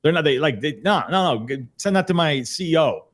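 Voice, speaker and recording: A man's voice: on the high side, animated, brisk, fairly bright tone. A man speaking as a podcast guest on a video call, explaining energetically, often repeating words and restarting. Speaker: podcast guest, sales trainer. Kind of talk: casual conversational explanation. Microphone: computer on a video call.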